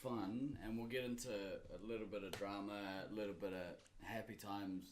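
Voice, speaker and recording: A man's voice: fairly low pitch, fairly even intonation, moderate pace, slight background noise. A man hosting a casual podcast, laid-back and laughing with the panel, swearing freely. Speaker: podcast host.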